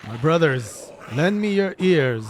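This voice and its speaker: A man voicing a pompous, theatrical undead gentleman from a video game, declaiming his lines grandly. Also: fairly high pitch, big pitch swings, slow pace, slight background noise, voice pushed up. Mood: grandiose.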